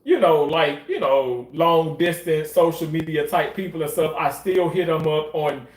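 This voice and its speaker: A man's voice: fairly high pitch, normal speed, echoey room. A man telling a story in a casual, emphatic way, swearing often and repeating phrases for effect. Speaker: commentator.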